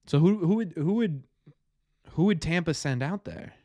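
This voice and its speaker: A man hosting a fan show, commenting live on a game as he watches, nervous and excitable, repeating his cheers. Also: on the high side, moderate pace, no room sound, clean studio sound.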